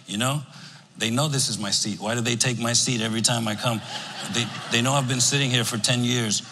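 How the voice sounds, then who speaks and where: A man preaching a sermon in a church, animated and emphatic, acting out what his listeners might say. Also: mid-range voice, a little fast, vocal fry. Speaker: pastor. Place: church sanctuary. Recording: long reverb of a church hall.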